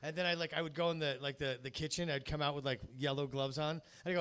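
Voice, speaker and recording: Fast-talking rambling comedy host. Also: male voice, on the high side, steady tone, fairly bright tone, clean tone. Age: 50s. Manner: rambling storytelling with many fillers. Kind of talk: stand-up crowd work. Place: small comedy club, live audience.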